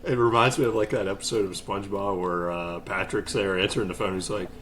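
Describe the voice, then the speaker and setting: A man's voice: low-pitched, steady tone, fast talker, a bit bright, a little hiss or hum. A man hosting a casual podcast, easygoing and chatty, laughing along and telling long rambling stories. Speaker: podcast host.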